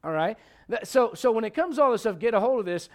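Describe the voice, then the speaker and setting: A fast-talking male pastor with a high-pitched, animated voice delivers a conversational sermon in a church sanctuary. He is emphatic, peppering his congregation with questions.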